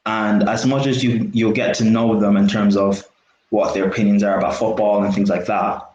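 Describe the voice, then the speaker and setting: Young male host, quick chatty questions. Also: on the low side, little pitch movement, a little mellow. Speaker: podcast host. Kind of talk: casual interview chat. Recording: echoey lo-fi room with faint hiss.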